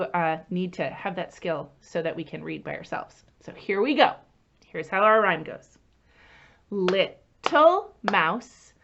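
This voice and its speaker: A woman children's librarian leading a story time lesson, animated and singsong, asking the children questions as she goes. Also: mid-range voice, dull audio.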